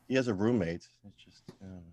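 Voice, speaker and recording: A man doing a deadpan stand-up set over a video call from home, trailing off into quiet, self-deprecating mumbles. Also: low voice, fast, lo-fi sound. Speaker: stand-up comedian at open mic.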